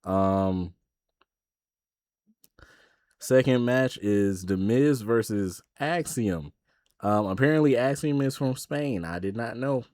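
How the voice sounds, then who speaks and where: A man's voice: medium pitch, animated, slow pace, pauses often, darkish tone, dry recording, clean studio sound. A man co-hosting a podcast, casually recapping wrestling shows and retelling the promos in quoted voices. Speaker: podcast co-host.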